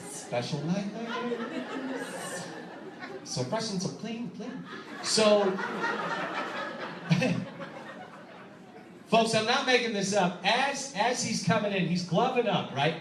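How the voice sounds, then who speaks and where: A man performing a stand-up comedy set, telling a story with animated delivery, acting out voices and laughing at his own jokes. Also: high voice, slow pace, pauses often, recorded from a distance, over a noisy crowd, very noisy. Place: comedy club stage. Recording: echoey club recording, audience laughter. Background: audience laughing.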